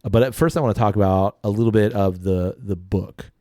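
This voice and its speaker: A man with a fairly low, mellow voice chats casually as a podcast co-host. He rambles in a relaxed way, padding his talk with fillers. The recording is close and dry. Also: fairly quick, no echo. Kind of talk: casual chat.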